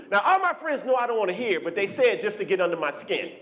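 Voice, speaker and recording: A male stand-up comedian works a club stage in an animated, teasing way. His voice is high for a man and leaps all over the place. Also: quick pace, few pauses.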